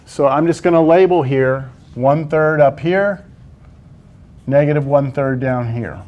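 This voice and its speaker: A man's voice: mid-range voice, measured pace, lo-fi sound. A male math teacher, teaching a class in a classroom and quizzing his students as he works through problems. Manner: coaxing, quizzes students with frequent "right?". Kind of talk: classroom lecture.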